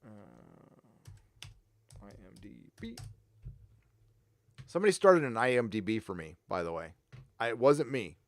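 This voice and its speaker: A man's voice: fairly low pitch, very animated, a little slow, long pauses, dry recording, studio quality. A man hosting a casual livestream, talking bluntly and profanely in a loose, rambling way. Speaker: livestream host.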